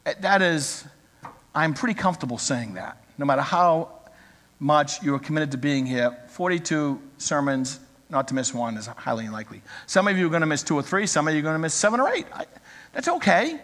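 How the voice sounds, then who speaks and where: A man's voice: fairly high pitch, lively intonation, fairly quick, fairly bright tone. A man in his sixties preaching a sermon as pastor, talking conversationally and joking with the congregation. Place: church. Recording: reverberant church hall.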